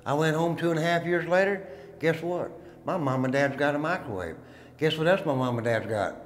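There's a long, stony echo around this former prisoner as he gives a tour of the old prison where he's standing. His voice sits a little high, with lively intonation and a brisk delivery, and he tells his tales in a dramatic, folksy way, calling the group "guys."

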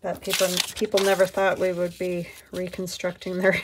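A woman's voice: medium pitch, level tone, normal speed, hardly any pauses, noisy background. A woman vlogger giving casual running commentary as she crafts, thinking aloud in a chatty, meandering way. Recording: paper crinkling and clicks behind voice.

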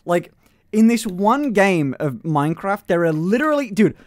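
Lively, playful young male streamer. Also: high voice, moderate pace. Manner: swears freely, laughs a lot, playful voice experiments. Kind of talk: casual live-stream chat.

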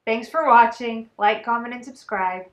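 Woman, co-host, casual chat, questioning, bright voice, a little high, echoey room. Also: normal speed. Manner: questioning, wraps up the show.

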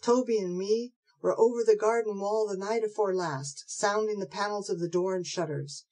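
A woman voicing a gruff, surly male housebreaker who talks bluntly in rough slang, in a storybook reading. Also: mid-range voice, moderate pace, darkish tone, natural voice, low-quality recording.

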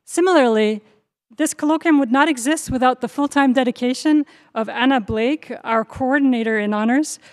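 Middle-aged woman, event host, slightly high voice, stumbling, thankful remarks. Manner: warm, halting, with frequent fillers and self-corrections. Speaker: honors program host. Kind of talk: university lecture welcome remarks.

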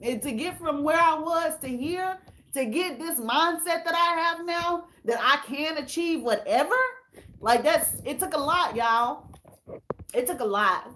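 A tearful woman with a high, bright voice speaks candidly to her livestream viewers in a casual, heartfelt chat. She keeps calling them y'all as she reads their comments. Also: a little slow.

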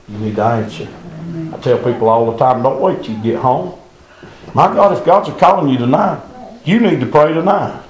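A man preaching in a church, his voice at a middle pitch. He moves from a hushed murmur up to a near-shout, and the room around him rings with heavy echo. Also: far from the mic. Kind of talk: revival sermon. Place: church sanctuary.

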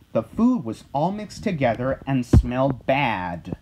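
A storyteller reading a children's picture book aloud in a gentle, expressive way. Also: medium pitch, measured pace, few pauses, noisy background.

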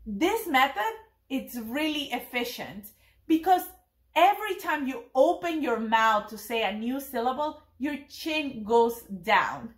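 High-pitched young lady teaching little kids' families, upbeat, slow careful words, roomy echo. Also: expressive. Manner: slow, clear demonstration of words; cheerful and encouraging. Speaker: preschool teacher. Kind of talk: virtual family event lesson.

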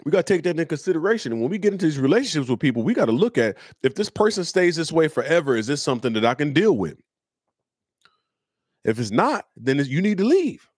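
A man's voice: on the high side, sing-song, fast talker, darkish tone, slightly rough, no echo, clean studio sound. A man hosting his own show, telling a personal story in an earnest, casual, slangy way. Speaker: host.

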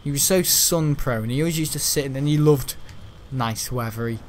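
A man's voice: medium pitch, normal speed, a little hiss or hum. Rambling young man gaming. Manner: meandering, chatty, swears casually, frequent restarts. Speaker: gaming YouTuber. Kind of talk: rambling let's-play commentary.

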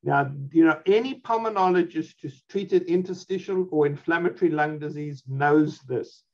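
Emphatic doctor, dull lo-fi sound. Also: male voice, on the high side, moderate pace, a little mellow. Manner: emphatic, dismissive of opposing views. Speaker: physician guest. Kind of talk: expert interview answers.

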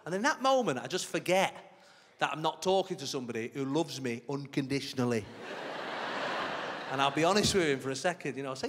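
Chatty stand-up comedian on stage. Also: male voice, mid-range voice, lively intonation, a little fast. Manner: chatty, conversational, self-mocking. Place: large theatre on stage. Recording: large hall with reverb, audience noise.

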